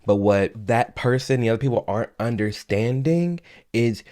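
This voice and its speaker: A man's voice: mid-range voice, expressive, normal speed, darkish tone. A man giving heated opinion commentary on his own channel, arguing and firing off rhetorical questions. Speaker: commentary vlogger. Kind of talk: opinion commentary reacting to clips.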